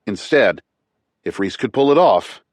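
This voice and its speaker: A man narrating a thriller audiobook in a tight, clipped, measured way. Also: lowish voice, animated, no room sound.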